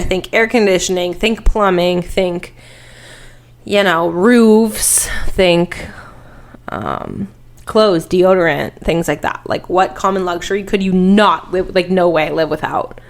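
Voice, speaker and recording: A young woman co-hosting a podcast, telling rambling, crude stories in casual chat. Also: fairly low pitch. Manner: rambling, crude, chatty storytelling. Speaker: podcast co-host.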